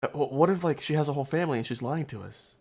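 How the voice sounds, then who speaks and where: A man's voice: a little high, racing, gravelly, a crowd in the background. A young man plays a tabletop game and narrates his character's moves. He talks casually, stopping and restarting as he goes. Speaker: player.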